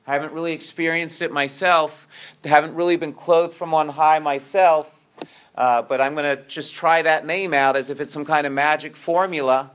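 A man's voice: fairly high pitch, fairly even intonation, normal speed, a bit bright, smooth. A man preaching a sermon to his congregation, often restarting his words and checking in with "right?".

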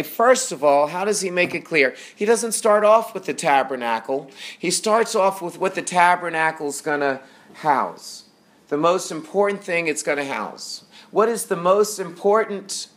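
A man's voice: sits high, a bit bright. A man teaching a sermon on scripture, asking his listeners questions, answering them himself and repeating his key points. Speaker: teacher on weekly scripture portion.

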